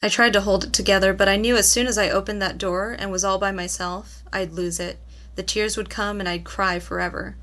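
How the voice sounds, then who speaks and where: Bright-voiced woman narrating an audiobook. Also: mid-range voice, steady tone, brisk. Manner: reads dialogue with voiced characters, louder in tense scenes. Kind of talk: scripted narration.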